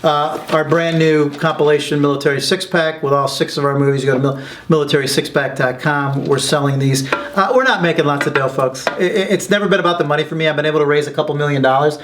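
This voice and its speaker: Against some background noise, a documentary filmmaker tells stories in an interview at a quick pace, his voice a little high. Full of energy and excitement, he performs the people he quotes in lively voices.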